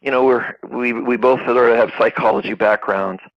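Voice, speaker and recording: A man's voice: medium pitch, steady tone, normal speed, no echo, dull audio. A man from Canada hosting an interview, asking curious, thoughtful questions. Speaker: podcast host. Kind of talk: interview conversation.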